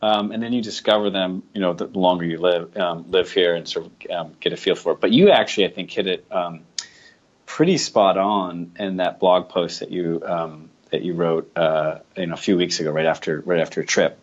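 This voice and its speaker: An American man from Rhode Island, a guest on an interview show, talking casually and thinking aloud with many pauses. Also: low voice, dull audio. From United States, Rhode Island. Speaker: guest, general manager.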